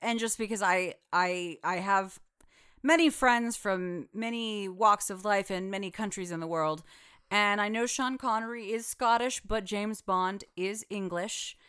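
A woman's voice: mid-range voice, measured pace, fairly bright tone, smooth. A woman co-hosting a film podcast, chatting casually and emphatically about the movies. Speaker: podcast co-host. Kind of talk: casual chat.

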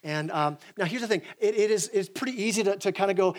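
A young man, a pastor, preaching a sermon in an animated way, with frequent restarts and acted-out quotes. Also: high-pitched, fast, hardly any pauses.

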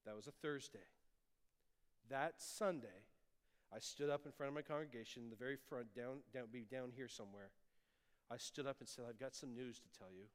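A man, a pastor, preaching a sermon and sharing his own testimony, moving between loud appeals and hushed, tender lines. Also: medium pitch. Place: church sanctuary. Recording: long church hall reverb.

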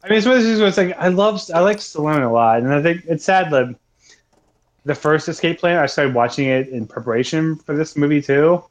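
A man's voice: fairly high pitch, expressive, brisk. A young man co-hosting a podcast, talking casually in a rambling way with many restarts. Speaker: podcast co-host. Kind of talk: casual chat.

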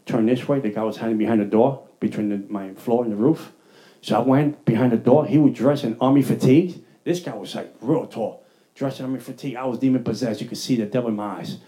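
A man preaching a testimony sermon, telling his story in an animated way and acting out his own dialogue. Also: mid-range voice, quick pace. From New York.

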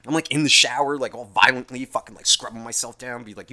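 A man's voice: medium pitch, steady tone, quick pace, sharp tone. A young man ranting in a profane, rambling, self-mocking monologue, tired after a long day. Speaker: podcast host.

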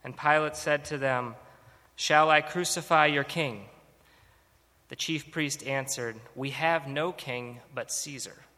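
Man reading scripture in a church. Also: fairly high pitch. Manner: steady, measured reading. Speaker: scripture reader. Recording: long hall reverb.

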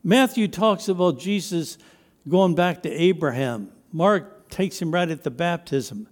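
A man's voice: a little high, lively intonation, a little slow, long reverb tail. A man preaching a sermon as pastor, emphatic, with his voice rising and dropping to stress his points.

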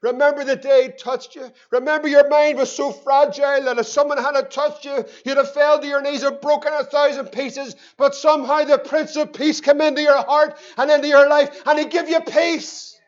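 High-voiced Northern Irish pastor preaching. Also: male voice, flat delivery, moderate pace, few pauses, highs cut off. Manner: impassioned preaching, rising to shouts. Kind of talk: sermon. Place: church.

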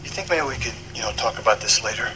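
A man's voice: medium pitch, lively intonation, fast. An actor playing a tough-guy father who turns sheepish and placating around his daughter. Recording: TV clip with loud noise, distant.

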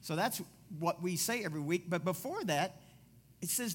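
A man's voice: sits high, lively intonation, moderate pace, husky. A middle-aged man pastor preaching a sermon with a personal story, rambling and digressive, repeating himself for emphasis.

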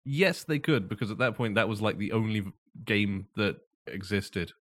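A man's voice: lowish voice, lively intonation, normal speed, a bit bright. Man telling a story, laughing. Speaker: podcast co-host. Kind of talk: casual chat.

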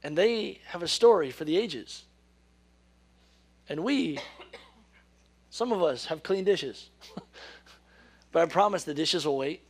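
A man preaching, his voice a little on the high side. He reads scripture slowly and carefully, then drops into loose, joking talk. He laughs at his own corny wordplay, and the sermon is recorded live for a podcast. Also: lively intonation, husky. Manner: self-deprecating, laughs at own corny jokes.

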